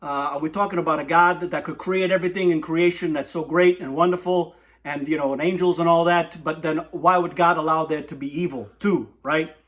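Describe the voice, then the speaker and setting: Rambling man with a slightly high voice. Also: fairly even intonation, fairly quick, fairly bright tone. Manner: rambling, digressive, lots of "right?". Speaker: comic poetry host. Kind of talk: rambling comic monologue.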